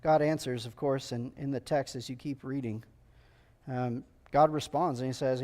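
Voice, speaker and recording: A man's voice: medium pitch, fairly even intonation, normal speed, darkish tone. A male preacher giving a sermon, earnest and emphatic, repeating key phrases and putting rhetorical questions to the congregation.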